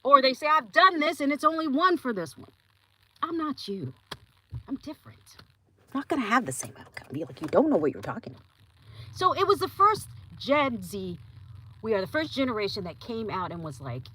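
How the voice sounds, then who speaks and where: A young woman hosting a podcast, talking casually and giving her opinions, often acting out other people's lines in quick put-on voices. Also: on the high side, poor audio. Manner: animated, acts out voices in quotes. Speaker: podcast host.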